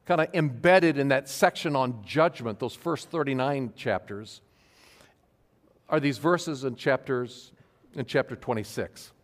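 A male pastor giving an earnest sermon to his congregation, stressing key phrases slowly. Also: mid-range voice. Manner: earnest, emphatic preaching with slow stressed phrases. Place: church sanctuary. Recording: long hall reverb.

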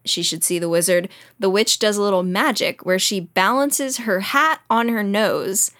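A woman's voice: mid-range voice, normal speed, a bit bright. Brief: woman podcast host, chatty, walks listeners through the plot. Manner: summarizing the book, chatty. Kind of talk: casual book discussion podcast.

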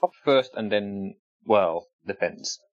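A man playing a casual tabletop game, thinking aloud in a measured way. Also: fairly low pitch, no room sound, lo-fi sound. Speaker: player.

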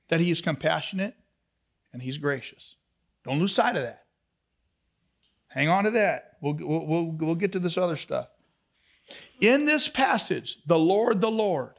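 A man with a very high voice preaches a lively sermon. He drops to soft asides, then rises to loud emphasis, and keeps asking his listeners for answers. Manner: talks back and forth with the congregation. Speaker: pastor.

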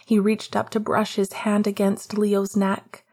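A woman narrating a novel in a soft, quiet reading voice. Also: medium pitch, completely flat delivery, measured pace, breathy edge. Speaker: audiobook narrator. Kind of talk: scripted narration.

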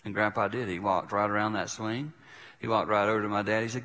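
An older man, a preacher, telling a personal story in a sermon and acting out the voices in it, sometimes dropping to a hush. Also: on the low side, steady tone, fast talker. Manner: vivid storyteller who acts out quoted voices. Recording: reverberant hall.

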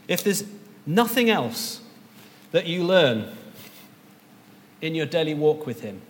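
A man's voice: on the high side, big-room sound, slight background noise. A man preaching a sermon as pastor, earnest and rising to emphatic peaks.

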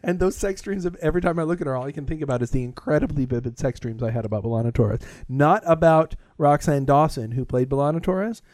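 A man's voice: a little high, fast, hardly any pauses, darkish tone, no room sound, studio quality. A man co-hosting a podcast in casual chat, rambling and enthusiastic, laughing often. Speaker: podcast co-host.

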